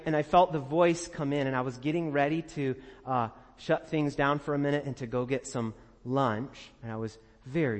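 Earnest pastor preaching in a reverberant church. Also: male voice. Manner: earnest, conversational, laughs often, drops soft and low for prayers. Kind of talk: sermon.

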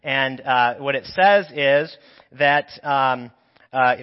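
A man's voice: medium pitch, slow pace, smooth. A man with a sore throat delivers a conversational teaching sermon. His voice carries a long, lingering church reverb. The recording sounds dull and lo-fi. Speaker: preacher. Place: church sanctuary.

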